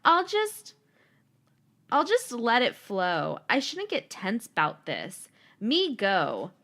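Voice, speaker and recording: A woman co-hosting a casual podcast, reading her old teenage notes aloud with animated delivery and frequent laughter. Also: fairly high pitch, slow pace. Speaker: podcast co-host.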